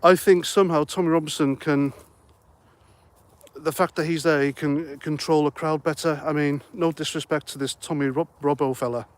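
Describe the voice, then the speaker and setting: Middle-aged man, casual livestream chat, rambling and jokey, bit breathless, fairly high voice. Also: steady tone, moderate pace. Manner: chatty, rambling, jokey asides. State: slightly out of breath. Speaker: livestream host.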